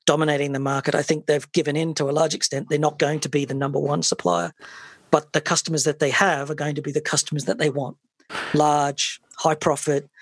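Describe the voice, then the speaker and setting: A man's voice: on the high side, no echo, studio quality. A man hosting a tech podcast, talking in an opinionated, conversational way with a wry edge. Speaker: podcast host. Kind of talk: casual tech podcast chat.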